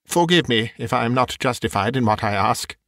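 A man's voice: medium pitch, expressive, fairly quick, a bit bright, no echo, clean studio sound. A man voicing Scrooge, a miserly old man asking startled, uneasy questions in a storybook reading.

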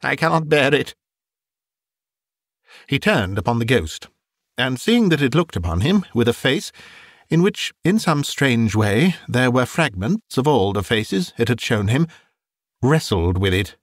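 A man narrating a classic novel in an expressive, measured storytelling style. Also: medium pitch, no room sound, clean studio sound. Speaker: audiobook narrator.

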